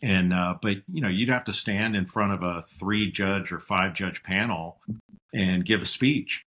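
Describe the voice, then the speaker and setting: A middle-aged man telling stories as a podcast guest, reflective, and lively when he quotes his father. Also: low voice, unhurried. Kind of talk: casual interview storytelling.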